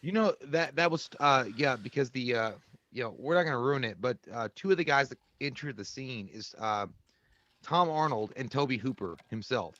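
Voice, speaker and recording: Bright crude-talking man reviewing movies. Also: mid-range voice, animated, moderate pace, lo-fi sound. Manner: crude, rambling, many fillers and restarts. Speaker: podcast co-host. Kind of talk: casual movie review chat.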